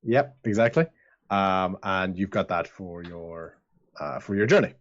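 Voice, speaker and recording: A man's voice: low-pitched, lively intonation, measured pace, dull audio. A man narrating as game master of a tabletop game, rambling with lots of fillers.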